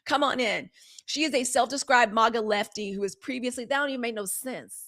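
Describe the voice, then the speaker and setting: A woman in hosting a live news show, talking straight to her viewers in a sassy, animated way. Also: fairly high pitch, brisk. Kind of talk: casual live-stream commentary.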